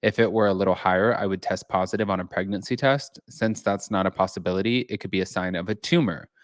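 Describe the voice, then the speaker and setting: Chatty low-voiced man hosting. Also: fast, no echo, clean studio sound. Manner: chatty, reads news aloud. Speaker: host. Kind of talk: casual chat. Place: home, with his cat.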